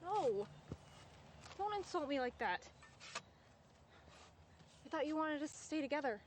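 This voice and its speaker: An actress playing a young woman after a breakup who talks to her mother on the phone in a wry, halting, defensive way. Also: medium pitch, a little hiss or hum, close to an everyday voice. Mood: upset. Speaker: lead character in a short film. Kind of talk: naturalistic film acting.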